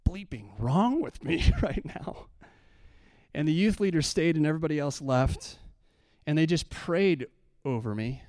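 A pastor preaching a sermon, telling a personal story and building to impassioned preaching. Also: male voice, fairly high pitch, a little mellow, no echo, clean studio sound.

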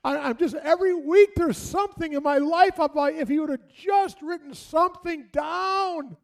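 A man voicing a frustrated widowed woman in a high, strained, complaining voice. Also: normal speed, gravelly. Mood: exasperated.

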